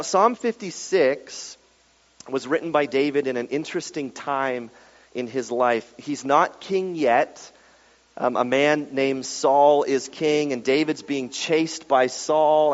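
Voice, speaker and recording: A man preaching a sermon, telling a story with lively acted-out quotes and dropping to a hushed tone when reading scripture. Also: on the high side. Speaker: pastor. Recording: dull sound with long reverb in a large room.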